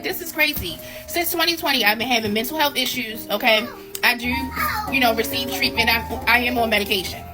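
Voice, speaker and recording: Weary woman in her forties, music behind. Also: on the high side. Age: 40s. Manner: weary, stressed, blunt with cursing. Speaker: single mother posting a video. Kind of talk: candid personal vlog.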